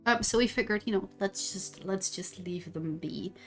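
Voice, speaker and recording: A woman's voice: medium pitch, normal speed, a bit bright. A woman with a Dutch accent, a streamer telling stories in casual chat, rambling with many restarts. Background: faint background music.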